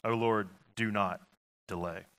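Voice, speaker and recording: A male pastor preaching with a low, bright, forceful voice. He talks in an earnest, conversational way, stumbling and restarting often as he works through his thoughts. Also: steady tone, a little slow. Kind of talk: sermon.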